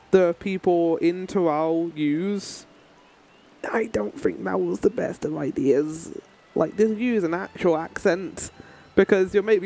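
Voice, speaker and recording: A man rambling and joking through casual commentary as he plays a game, his voice sitting high for a man. He talks in an easy, unscripted way between his own thoughts and quips at the characters on screen. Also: darkish tone. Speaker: streamer. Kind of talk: casual let's-play commentary.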